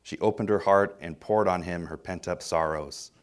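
A middle-aged man preaching a sermon, swinging between loud emphatic bursts and quiet, low phrases. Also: moderate pace, clear, resonant tone.

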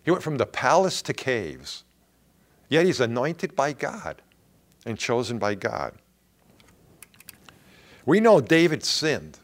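Middle-aged man preaching a sermon, unhurried and drawn out, pitch rising and falling freely, earnest and emphatic, lingering on key words. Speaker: pastor.

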